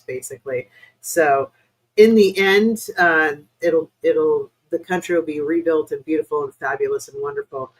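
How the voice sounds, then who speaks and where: A woman's voice: deep voice, low-quality recording. A woman from the United States hosting a live stream as a spiritual reader. She answers viewers' questions in a rambling, hesitant way, with many fillers, and talks to viewers in a chatty, apologetic way.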